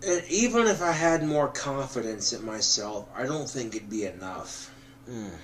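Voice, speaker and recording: A drunk man rambling to the camera, swearing often and breaking into loud outbursts. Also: medium pitch, lively intonation, moderate pace, a little hiss or hum. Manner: profane, swings into loud outbursts.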